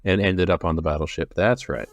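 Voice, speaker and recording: A man co-hosting a podcast, chatting casually about a book, relaxed and quick to laugh. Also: sits low, dry recording. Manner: relaxed, laughs easily, uses 'like' often. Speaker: podcast co-host. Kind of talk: casual book-discussion chat.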